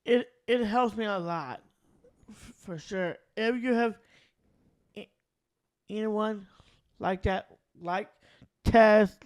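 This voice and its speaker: A man in a casual chat, speaking haltingly with many restarts. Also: high voice, clear, resonant tone. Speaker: podcast guest.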